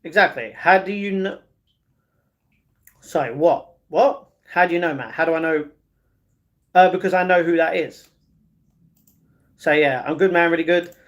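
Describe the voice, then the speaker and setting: A man's voice: on the high side, fairly bright tone. Easygoing man chatting on a livestream. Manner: chatty and easygoing, with halting restarts. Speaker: livestream host. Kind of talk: casual livestream chat, reading viewer comments aloud.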